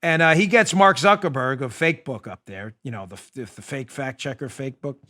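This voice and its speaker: A man's voice: medium pitch, normal speed, bright, forceful tone. A middle-aged man, hosting a talk show in a combative, sarcastic monologue. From New York. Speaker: show host.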